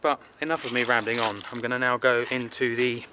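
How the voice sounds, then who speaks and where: Amid a noisy background, a travel vlogger from England rambles casually through a city, self-deprecating and full of filler words. His medium-pitched voice holds a steady tone at a fairly quick pace.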